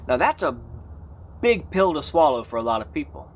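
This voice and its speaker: A man preaching an unscripted sermon, emphatic and animated, rising to near shouts on key points. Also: on the high side, normal speed, slight background noise. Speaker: pastor.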